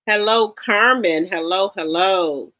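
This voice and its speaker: Live-stream host, mid pitch, warm greetings on repeat, lo-fi audio. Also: takes it slowly. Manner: greets viewers one by one with repeated hellos; chatty, with frequent ums and restarts. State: a little tired. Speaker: livestream host. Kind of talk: casual live-stream chat. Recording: slightly dull lo-fi sound.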